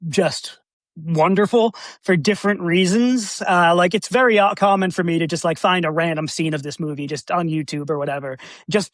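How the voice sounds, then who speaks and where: Laughing, animated man on a podcast. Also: on the high side, dry recording. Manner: laughs often and acts out quotes in animated voices. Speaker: podcast co-host. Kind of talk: casual movie podcast chat.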